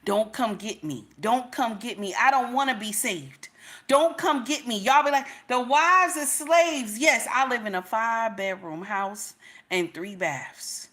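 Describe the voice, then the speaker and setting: Middle-aged woman livestream host, bright voice, emphatic and repetitive. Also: mid-range voice, a little slow. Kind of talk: casual livestream commentary.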